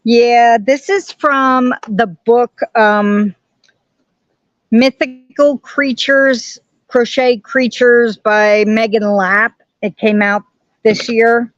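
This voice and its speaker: A woman's voice: a little high, fairly even intonation, very slow, no room sound, dull audio. A woman hosting a casual live stream from home, chatting and greeting viewers by name. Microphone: camera on tripod.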